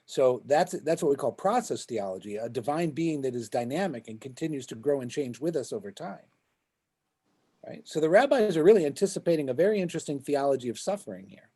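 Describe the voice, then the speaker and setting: A man's voice: medium pitch, expressive, brisk, warm tone, slightly rough. A man teaching a Talmud class as a rabbi, explaining the text and checking in with his students as he goes. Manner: explains as he goes, keeps asking "right?". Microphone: video call.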